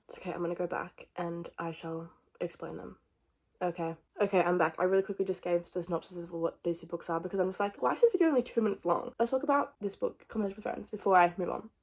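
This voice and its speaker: A young adult woman chatting casually about books on her vlog, excitable and jumping between thoughts. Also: mid-range voice. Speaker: book vlogger. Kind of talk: casual book chat.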